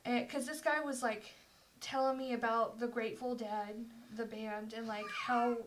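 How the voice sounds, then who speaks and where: A young woman with a slightly high voice, chatting casually on a podcast. She tells her stories with animation and swears freely, slipping into the voices of the people she quotes. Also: fairly even intonation, unhurried. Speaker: podcast co-host. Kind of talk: casual storytelling chat.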